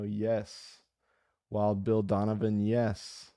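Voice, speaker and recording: This American man, an audiobook narrator who runs his own channel, talks about a book in a loose, casual way and reads out comments from viewers. His voice sits on the low side and sounds mellow, with a steady tone and measured pace, captured in a dry, studio-quality recording. He wanders off on tangents, cracks jokes and grows passionate as he goes.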